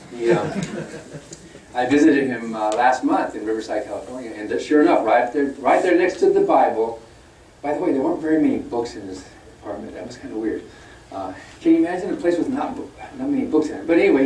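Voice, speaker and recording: A man giving a public talk in a conversational tone, turning animated when he quotes his opponents. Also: medium pitch. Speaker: guest speaker. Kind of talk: public lecture. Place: lecture room. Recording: echoey hall, mic from a distance.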